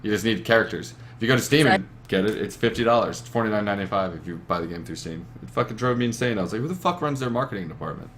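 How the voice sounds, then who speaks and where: A young man with a lowish voice hosts a gaming podcast over his webcam. He rambles and swears freely, leaning hard on his points. A faint hiss of room noise sits behind him. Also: very fast, hardly any pauses, a bit bright. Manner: profane, rambling, emphatic. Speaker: podcast host. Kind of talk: casual chat. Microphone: webcam setup.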